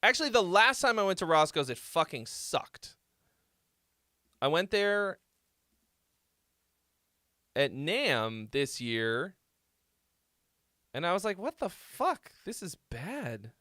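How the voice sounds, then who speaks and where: A man's voice: medium pitch, pushed and bright, smooth, no echo, clean studio sound. A young man hosting a casual livestream, telling rambling stories full of swearing. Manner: laid-back storytelling, heavy swearing. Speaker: host.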